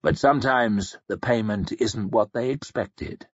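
A man narrating a fantasy audiobook in a grave, measured storytelling voice that sinks low in quiet passages. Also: husky, no room sound. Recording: dull lo-fi audiobook recording.

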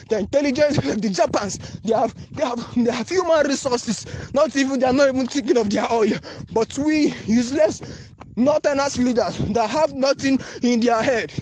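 In a voice note recorded on a phone, an anonymous man speaking Nigerian-accented English urgently begs, going over the same appeal again and again. His very high voice has a darkish, slightly rough tone.

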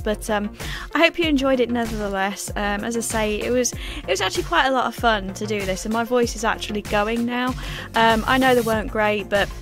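A woman vlogger chatting casually and hesitantly, with lots of fillers. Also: on the high side. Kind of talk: casual chat.

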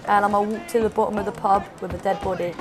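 Excitable gamer, fairly high voice. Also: male voice, rapid-fire, noisy background. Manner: excitable, shouty, laughing commentary. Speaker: gaming YouTuber. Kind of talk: let's play commentary. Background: loud game music and sounds.

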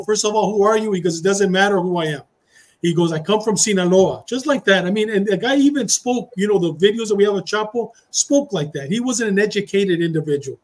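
A middle-aged man, a retired police officer, telling a story in a casual interview and acting out the dialogue with Spanish phrases. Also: sits high. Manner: animated storyteller who acts out dialogue, slipping into Spanish phrases.

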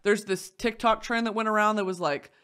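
A young adult woman hosting a podcast, ranting in a crude, comedic, animated way with bursts of shouting and laughter. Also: medium pitch, brisk, clean tone. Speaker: podcast host. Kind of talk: casual comedic podcast rant.

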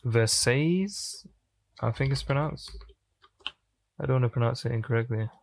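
A man hosting a music reaction, thinking aloud in casual commentary with pauses and restarts. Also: mid-range voice, steady tone, creaky, darkish tone, no echo. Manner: thinking aloud, musing and pausing.

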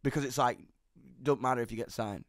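Medium in pitch, a young man interviewed as a musician guest tells a story with lots of energy and lots of swearing, talking fast. The chat is candid, and the studio sound is clean with no room noise.

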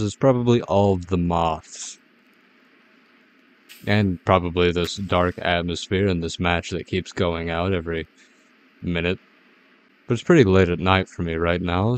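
A man's voice: low-pitched, clean tone. A man giving rambling, jittery, self-mocking commentary as a gaming YouTuber playing a horror game.

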